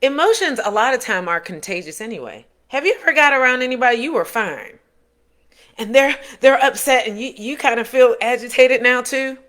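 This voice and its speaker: Bright, forceful woman giving parenting advice. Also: on the high side, expressive, brisk. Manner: earnest, coaching, repeats and rephrases points. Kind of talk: direct-to-camera advice talk.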